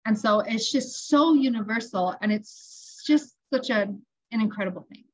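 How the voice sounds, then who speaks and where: A woman telling family stories in an online interview, animated and acting out the dialogue she quotes. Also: a little high, moderate pace, rough recording. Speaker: tapping practitioner guest.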